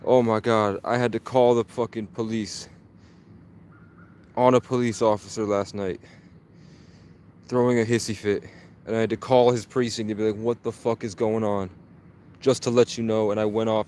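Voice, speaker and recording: A man's voice: fairly low pitch, level tone, moderate pace, pauses often, a little mellow, a little hiss or hum. A man livestreaming outdoors from the woods on his phone, telling a rambling, profane, agitated story in a casual way. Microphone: phone held at arm's length.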